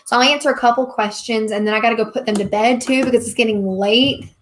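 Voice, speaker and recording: A woman's voice: on the high side, fairly even intonation, quick pace, a little hiss or hum. A woman, chatting casually while hosting a live question-and-answer stream and laughing often. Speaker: livestream host, craft seller.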